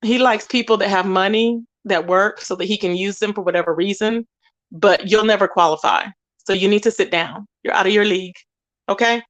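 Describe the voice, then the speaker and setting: A woman's voice: mid-range voice, a little fast. A woman hosting a livestream, ranting indignantly and emphatically while greeting chat viewers. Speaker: livestream host. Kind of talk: heated livestream rant.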